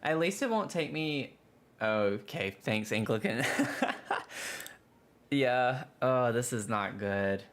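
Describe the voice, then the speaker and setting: Slow but animated, this medium-pitched male streamer chats casually while playing a building game online. He keeps complaining about bugs and groans dramatically, frustrated, when things go wrong.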